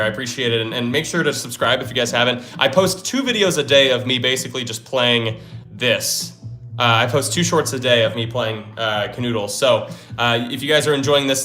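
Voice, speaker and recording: Faint lo-fi music plays as a young livestream host talks through puzzles out loud, cheering himself on whenever one falls into place. His mid-range voice sounds pushed and bright.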